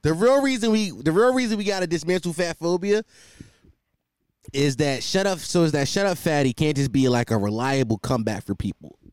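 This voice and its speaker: A man hosts his podcast in a loose, comedic monologue, cursing freely and riffing between jokes. His voice sits a little high for a man and swings widely in pitch. The sound is smooth, close and dry on a desk mic. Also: a little fast, dry recording. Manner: profane, joking, animated rambling. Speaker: podcast host. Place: hot room at home with a fan. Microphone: desk microphone.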